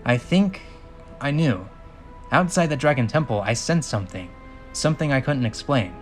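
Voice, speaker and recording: A man's voice: medium pitch, animated, moderate pace, faint music behind, lightly acted. A man voicing an earnest young male dragon hero, close to his own plain voice.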